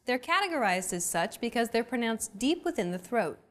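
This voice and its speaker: A young adult woman hosting a language lesson, with clear, upbeat, teacherly scripted narration. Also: on the high side, big pitch swings, moderate pace.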